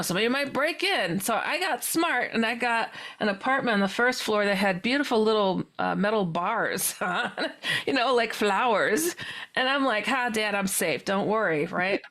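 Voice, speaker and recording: A woman, a guest on a podcast, telling a personal story in an animated way, laughing often and acting out her own past words with sudden jumps in pitch. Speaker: guest, paranormal author.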